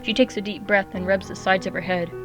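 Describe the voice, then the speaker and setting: A woman reading her own story aloud as a steady, clear narrator. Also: medium pitch, brisk, faint music behind.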